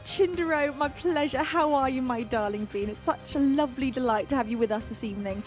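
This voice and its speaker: Gushing high-voiced British woman streamer. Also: fairly quick, faint music behind. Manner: effusive and affectionate, reading out chat names. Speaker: streamer and singer. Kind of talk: live stream chat greeting viewers.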